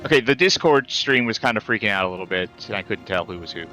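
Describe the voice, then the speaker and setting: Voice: medium pitch, animated, fast talker, sharp tone, faint music behind. A co-commentator on a game stream, dry and teasing, chatting about the game. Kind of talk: casual let's-play chat.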